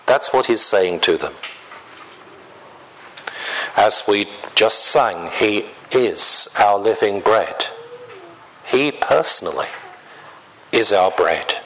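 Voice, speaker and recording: A man preaching a sermon in a slow, deliberate way, often clearing his throat. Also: fairly low pitch, lively intonation, a bit bright, a little hiss or hum, rough recording.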